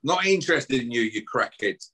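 A man's voice: medium pitch, expressive, normal speed, pushed and bright, slightly rough. A middle-aged man, guest on a podcast, ranting aggressively and swearing and taunting as he talks. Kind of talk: heated podcast rant.

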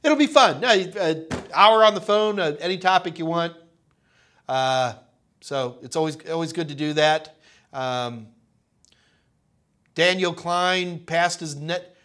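A man's voice: on the high side, unhurried, pushed and bright. A man hosting a live tech question-and-answer stream, chatty and upbeat, calling viewers folks, with a nagging cough. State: coughing, slightly hoarse.

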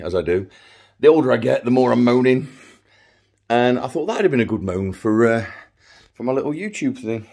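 A middle-aged man chats into a handheld phone while lounging at home. His voice sits on the low side, and he rambles along with plenty of ums and restarts, like a casual personal video update. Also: a little mellow. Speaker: vlogger.

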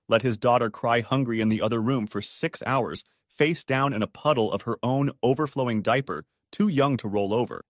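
A man reading online stories aloud as scripted narration, steady with sudden pitch jumps. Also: no echo, studio quality.

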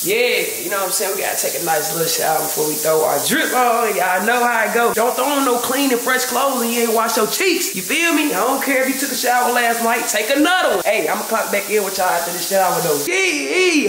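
A man's voice: high-pitched, vocal fry, fairly bright tone, slight background noise. A young man talking casually to the camera at home, full of laid-back slang and checking in with his viewers. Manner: laid-back slang, lots of "you know what I'm saying". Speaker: vlogger. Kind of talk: casual vlog talk to camera. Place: home, indoors. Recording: echoey room.

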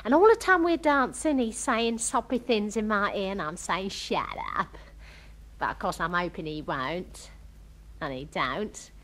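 A woman's voice: medium pitch, a little slow. An actress playing a chatty, starry-eyed young working-class girl in a comic monologue, gossiping with homely, ungrammatical speech. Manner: lively, breathless gossiping storyteller.

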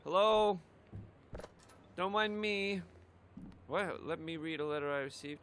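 A man playing a shooter and joking around, goofy and sweary, with sudden shouts. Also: a little high, measured pace, a little hiss or hum. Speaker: let's play gamer. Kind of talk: gaming commentary.

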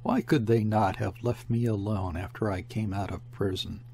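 A man reading a classic short story aloud as an audiobook narrator, in a measured storytelling manner. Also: fairly low pitch, fairly even intonation, a little mellow, a little hiss or hum. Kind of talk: scripted narration.

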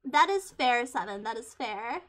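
A young woman in her twenties chatting casually on a live stream, giggly and hyper, getting loud when excited. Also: a little high, measured pace. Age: 20s.

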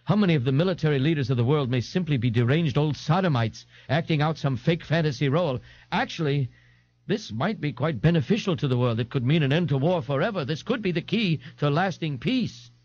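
A man's voice: fairly high pitch, expressive, fairly quick, a little mellow, dry recording, pitched above the performer's own voice. A bloated, pompous crank, as a male reader puts him on scolds in a haughty, florid, raised voice and makes grand pronouncements. His lines lift and fall with lofty contempt. The recording is a dry, somewhat dull 1989 audiobook tape. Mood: grandiose. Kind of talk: audiobook character voice.

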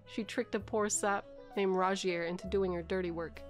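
Woman doing a hardboiled noir gumshoe; dry deadpan narration, light stifled giggles. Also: medium pitch, normal speed, soft background music, close to an everyday voice. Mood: wry. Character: hardboiled adult male noir detective narrator.

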